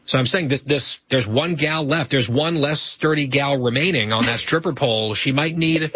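A man co-hosting a talk show, teasing his co-host in casual comedic banter with a deadpan edge. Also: medium pitch, moderate pace, husky, no room sound, lo-fi sound. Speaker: podcast co-host.

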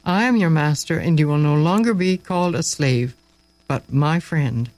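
Brief: kind king figure, calm and measured, unhurried words, read by a male storyteller. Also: a little high, no echo, natural voice. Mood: solemn. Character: kind, gentle king and benevolent master.

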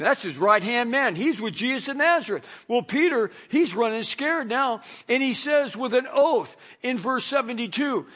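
A man's voice: high voice, a bit bright. A male pastor preaching, telling the story with energy and asking his listeners rhetorical questions. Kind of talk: sermon.

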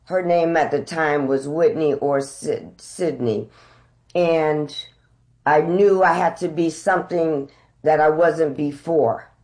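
A middle-aged actress telling candid stories about auditions, unhurried and reflective, growing animated as she retells them. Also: low-pitched. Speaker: actress guest. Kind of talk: candid conversational storytelling.

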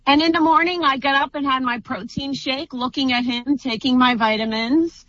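A woman with a bright, crisp voice, somewhat high-pitched, telling a story in an unhurried, matter-of-fact way. The sound is dry and slightly dull, like a call-in feed. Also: no echo. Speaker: guest caller. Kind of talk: storytelling on radio.

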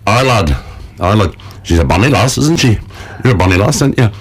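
A man voicing a jealous cheeky monkey with a put-on northern English accent, gruff and bossy, calling people laddie and lass. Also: lowish voice, lively intonation, fairly quick. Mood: teasing.

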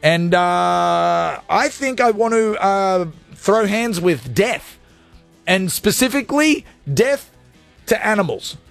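A man hosting a call-in radio segment, ranting with energy and then talking softly and from the heart. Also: high voice, slow, gravelly, faint music behind. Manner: energetic, rants loudly, then goes soft and heartfelt. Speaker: radio host.

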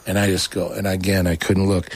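A man's voice: low voice, a little fast, no room sound. A man as a show guest, telling a rambling personal story in casual talk, acting out what people said. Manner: rambling, animated, acts out quoted voices.

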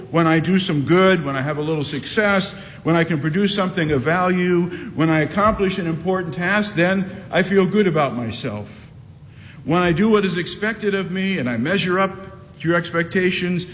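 Man in his sixties preaching in a reverberant hall. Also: a little high. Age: 60s. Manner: emphatic preaching with slow drawn-out repeated refrains. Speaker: pastor. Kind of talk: sermon. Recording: long hall reverb with faint noise.

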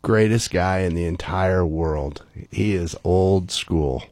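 A middle-aged man, a former baseball player, telling stories as a guest in casual talk, animated and acting out the people he quotes. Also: low-pitched, takes it slowly, no echo. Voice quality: gravelly, husky. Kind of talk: casual storytelling.

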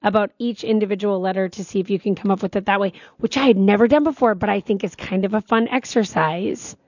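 A woman, co-hosting a talk show and telling stories in animated, casual chat. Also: mid-range voice, fast, no room sound, lo-fi sound. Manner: chatty, animated storytelling. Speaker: radio show co-host.

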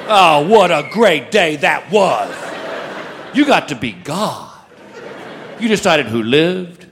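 A middle-aged man doing stand-up comedy, telling folksy, self-mocking stories about his own mishaps. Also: high voice. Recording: live show with audible audience noise.

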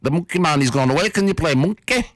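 A man voicing a pushy young northern English bloke with a put-on Northern English accent, gruff and coaxing. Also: on the high side, animated, fast, no room sound, clean studio sound, pitched above the performer's own voice, lightly acted.

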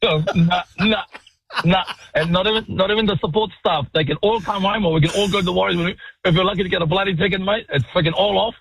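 A New man calling into a sports radio show, excitable, swearing freely and calling everyone mate. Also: sits high, fast, gravelly, breathy edge, dry recording. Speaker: caller. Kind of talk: radio call-in. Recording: muffled phone-in line.

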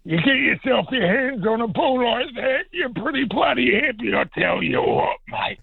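A man doing a gravelly old New Zealand farmer on the phone. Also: very high voice, big pitch swings, normal speed, dry recording, exaggerated voice. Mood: enthusiastic. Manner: blokey, crude, drawling, tags everything with mate and eh. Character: crude gravelly old male backcountry farmer. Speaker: rural expert caller. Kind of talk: comedic character bit. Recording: tinny phone line.

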